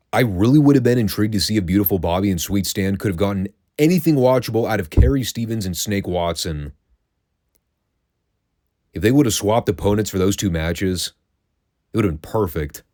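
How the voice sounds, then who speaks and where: A podcast host with a fairly low, mellow voice recaps classic wrestling episodes loosely and casually, dryly sarcastic and quick to swear. The recording is dry and close, with no room sound.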